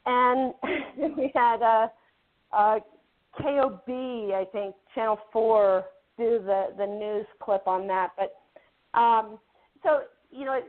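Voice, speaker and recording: A woman guest actress telling a story in a casual interview, chatty and repeating words as she builds it up. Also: fairly high pitch. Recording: phone-like narrow band.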